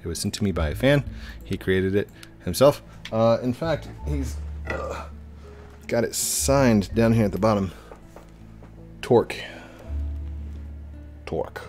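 A man's voice: fairly low pitch, lively intonation, measured pace, pauses often, darkish tone, soft background music. A man hosting a game channel, chatting casually over gameplay and laughing often between self-deprecating asides.

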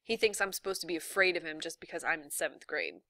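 A woman reading a novel aloud in a steady, even narration. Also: sits low, quick pace, background noise. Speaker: reader.

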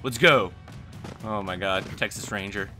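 A man hosting a let's play, excitedly commenting on the action and muttering to himself between outbursts. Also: fairly low pitch, unhurried. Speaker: gaming video host. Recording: game music and gunfire behind.

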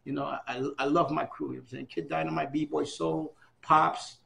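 A man in his fifties in an oral history interview, talking in an excitable, repetitive way and giving out many shout-outs. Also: fairly high pitch, a little fast, creaky. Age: 50s.

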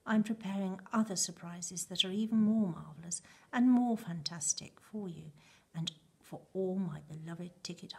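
A woman reading aloud and voicing a grand, eccentric male chocolate maker's letter in a theatrical, husky voice. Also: lowish voice, darkish tone, heavily acted.

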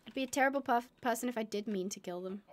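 Talking very fast in a slightly high voice, a woman provides live commentary as she streams a game. Along the way she chats, mocks herself, and speaks to her animals.

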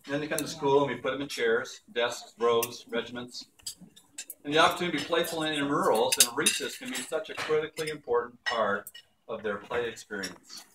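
An older man tells anecdotes at an awards dinner, warm and unhurried, sometimes slipping into playful voices for quotes. He sounds set back from the mic in a roomy hall. Dishes and cutlery clatter behind him. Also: medium pitch, noisy background. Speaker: speaker at an awards ceremony. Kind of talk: storytelling speech. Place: banquet hall. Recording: echoey hall from far off with dish clatter.

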